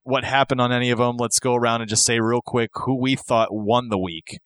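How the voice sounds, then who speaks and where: A man hosting a casual wrestling podcast, rambling and animated, acting out quotes as he tells stories. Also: mid-range voice, fairly quick, no echo. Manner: rambling, animated storyteller who acts out quotes. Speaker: podcast host.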